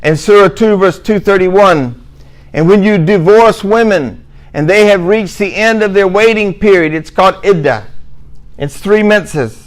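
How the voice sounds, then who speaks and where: A middle-aged man delivers a religious lecture in a fairly high voice. He repeats key points for emphasis and slips in dry, sarcastic asides. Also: moderate pace, rough recording. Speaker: Muslim speaker giving a talk.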